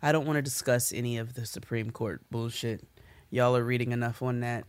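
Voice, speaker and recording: A woman co-hosting a podcast in casual chat, playful and quick to laugh. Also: extremely low pitch, level tone, smooth, no room sound. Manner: playful, laughs often, drawls out fun words. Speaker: podcast co-host.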